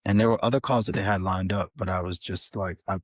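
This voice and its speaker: A man, a podcast guest, telling an animated story in a casual interview, with frequent restarts. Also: deep voice, quick pace, no room sound. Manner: animated, many restarts and fillers. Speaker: podcast guest, author and filmmaker.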